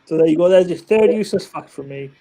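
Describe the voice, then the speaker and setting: A man with a notably high speaking voice chats casually on a live group call. He tells film trivia and anecdotes with animated energy, often restarting his sentences. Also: fast talker. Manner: chatty, animated storyteller with many restarts. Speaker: live chat participant. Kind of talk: casual chat.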